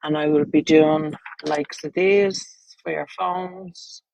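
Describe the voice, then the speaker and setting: A woman's voice: low-pitched, fairly even intonation, takes it slowly, gravelly, a little mellow, dull audio, slight background noise. An Irish woman with children, chatting bluntly and crudely on a casual livestream, rambling from topic to topic. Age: adult, with children.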